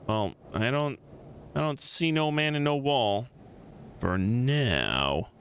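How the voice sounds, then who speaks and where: A man's voice: mid-range voice, lively intonation, takes it slowly, fairly bright tone, slight background noise. A man streaming a game, casually thinking aloud and reading the text on screen.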